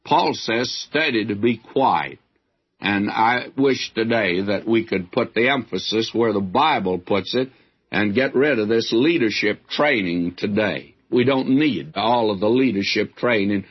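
Slow, husky man teaching a sermon. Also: lowish voice, animated. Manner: slow, folksy verse-by-verse teaching with asides. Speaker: Bible teacher. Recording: dull lo-fi old recording.

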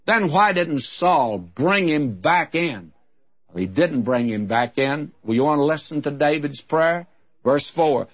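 Husky-voiced man preaching a folksy sermon. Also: fairly high pitch, expressive, measured pace, highs cut off. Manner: folksy, frank, conversational preaching. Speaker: Bible teacher.

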